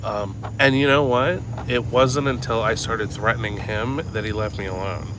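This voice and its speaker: A man's voice: on the low side, steady tone, normal speed. A man vlogging as he walks outdoors, chatting casually in a rambling, cynical way, with lots of swearing and filler words. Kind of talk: casual chat. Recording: loud street noise. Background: traffic and street noise.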